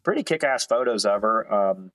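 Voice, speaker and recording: A man in his thirties with a low voice tells his stories in a loose, animated way and throws in the odd swear. The sound is close and dry, with no room around him. He talks like a working photographer sharing stories with friends. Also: normal speed, no echo, rough recording. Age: 30s. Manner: animated anecdotes, casual with mild swearing. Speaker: racing photographer guest. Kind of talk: casual storytelling interview.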